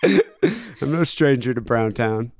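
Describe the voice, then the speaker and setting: A man co-hosting a podcast, chatting in an irreverent, deadpan way. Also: mid-range voice, takes it slowly, no echo, clean studio sound. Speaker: podcast co-host. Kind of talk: crude casual chat.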